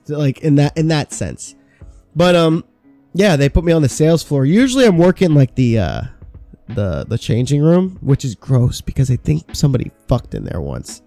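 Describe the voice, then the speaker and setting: A man's voice: a little high, sing-song, moderate pace, warm tone, faint music behind. A man in his thirties, a podcast co-host, telling stories about old jobs in casual chat, swearing freely. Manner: swearing, storytelling with quoted asides.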